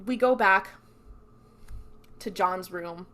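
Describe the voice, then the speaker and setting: She is a young podcast co-host with a slow, mid-range voice, chatting casually. As she recaps, she livens things up by acting out what the characters say.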